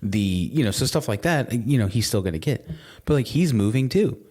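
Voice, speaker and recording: A man's voice: mid-range voice, lively intonation, normal speed, a little mellow, husky. A man co-hosting a podcast, chatting casually in a rambling way, full of restarts and swearing. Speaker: podcast co-host. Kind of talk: casual chat.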